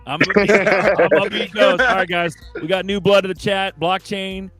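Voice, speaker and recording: A man co-hosting a casual crypto live stream, hyped and shouting out people in the chat. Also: high-pitched, steady tone, a little slow, over loud music.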